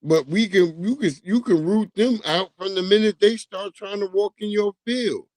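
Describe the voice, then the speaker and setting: High-voiced man ranting profanely. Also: moderate pace, a little mellow, no room sound, clean studio sound. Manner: profane, laughs through his rant. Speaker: livestream host. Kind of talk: casual ranting commentary.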